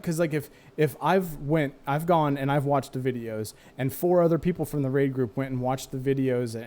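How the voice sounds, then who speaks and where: A man's voice: mid-range voice, darkish tone. A man in his thirties, host of a streamed gaming talk show, talking candidly and rambling about old raid nights. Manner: candid, rambling, self-mocking, laughs easily. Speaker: podcast host and former raid leader.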